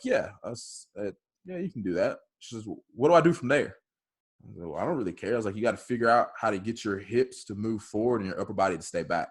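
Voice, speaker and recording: A low-voiced man tells a long story about coaching a hitter, in a loud, bold, chatty way. He takes on both voices in the dialogue as he goes. The sound is the plain audio of a video call. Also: husky. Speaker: softball hitting coach.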